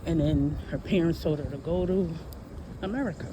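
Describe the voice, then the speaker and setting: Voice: medium pitch, normal speed. A person in their forties chatting casually while out walking on a hot day, rambling and correcting themselves as they talk about history. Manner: rambling, conversational, self-correcting. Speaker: history vlogger. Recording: noisy outdoor phone recording.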